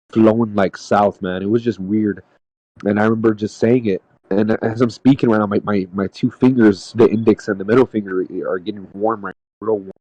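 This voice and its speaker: Low, mellow man rambling a story. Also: no echo, low-quality recording. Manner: rambling, halting, peppered with "dude" and "man". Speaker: podcast panelist. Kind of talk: casual storytelling. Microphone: podcast mic.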